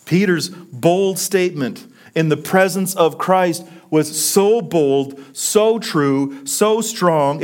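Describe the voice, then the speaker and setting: A man preaching a sermon, swinging from loud emphatic peaks down to hushed, low lines. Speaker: pastor.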